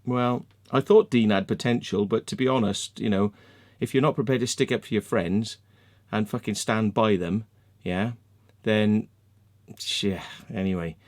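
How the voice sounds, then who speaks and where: A man's voice: lowish voice, steady tone, a little slow. A man, ranting angrily and sarcastically to the viewers of his vlog, swearing often and ending his points with "yeah?" or "right?". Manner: heated, sweary, keeps adding "yeah?" and "right?"; sarcastic, mocking. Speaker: vlogger. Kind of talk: angry ranting vlog monologue.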